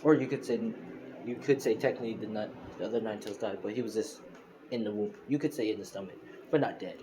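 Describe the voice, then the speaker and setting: A man's voice: fairly low pitch, quick pace, background noise. A young man casually retelling a fan story over a phone recording, rambling with lots of fillers and self-corrections. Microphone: phone screen recorder.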